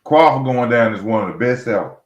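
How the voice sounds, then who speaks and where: A man's voice: mid-range voice, animated, fairly quick. A man. He is blunt and mocking and hammers each point twice. The room sounds echoey and the audio a little muffled. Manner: blunt, mocking, repetitive, speaks straight to fighters. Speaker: boxing commentary host. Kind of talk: heated solo boxing rant.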